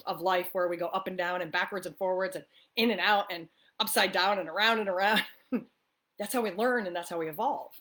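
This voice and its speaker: A woman spiritual life coach from the US East Coast talks to camera in a casual coffee-talk monologue. Her voice is on the low side, a bit bright and steady, and brisk. She is upbeat and chatty, often tossing in "right?" and laughing easily.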